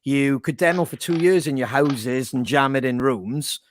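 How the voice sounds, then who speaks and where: A man in casual chat, telling animated stories with lots of swearing. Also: medium pitch, normal speed, slight background noise. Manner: swearing, animated storytelling with impressions. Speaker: band member co-hosting podcast.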